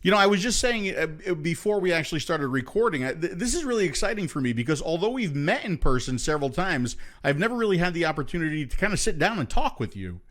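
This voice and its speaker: A man's voice: on the high side, big pitch swings, fast talker, few pauses, fairly bright tone. A man hosting a live online show and interviewing a guest, loose and friendly, with many restarts. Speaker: show host.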